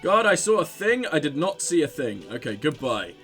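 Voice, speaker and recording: A man narrating his own playthrough of a detective game, excitable and liberal with swear words. His voice runs high for a man and leaps around animatedly, over faint game music. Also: normal speed. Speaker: let's play host. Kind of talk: gameplay commentary.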